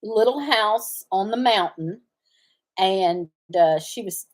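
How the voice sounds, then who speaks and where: A woman's voice: mid-range voice, slow. A middle-aged woman, hosting a casual farm livestream and chatting in a rambling way, often stopping to search for the right word. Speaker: farm channel host.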